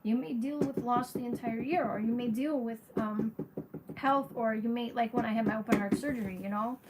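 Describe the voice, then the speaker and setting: A woman's voice: a little high, normal speed. A woman astrologer chatting casually on a livestream, frank and talkative, answering viewers by name. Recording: steady background noise.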